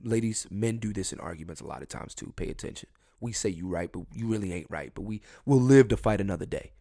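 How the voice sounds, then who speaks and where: A young man hosting a solo podcast, blunt and swearing freely, his voice swinging between loud and quiet. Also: lowish voice, expressive, fast talker, vocal fry. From Philadelphia. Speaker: podcast host.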